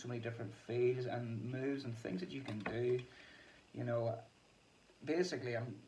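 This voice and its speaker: A man rambling casually through a vlog, self-deprecating and quick to laugh. His mid-range voice has a gravelly edge. He sits back from the microphone, with a faint hum of background noise. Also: mid-range voice, darkish tone, recorded from a distance, low-quality recording. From Ireland. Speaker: musician and vlog host.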